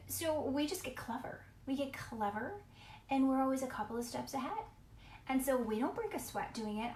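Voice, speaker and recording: Woman parenting coach, higher voice, chatty and emphatic, echoey room with faint background hum. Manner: chatty, emphatic, greets viewers mid-talk. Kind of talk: casual live-stream talk.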